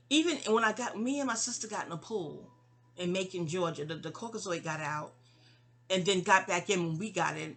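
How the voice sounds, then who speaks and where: Brief: bright-voiced woman, rambling personal storyteller, stammering restarts, side asides. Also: on the low side. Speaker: memoir storyteller.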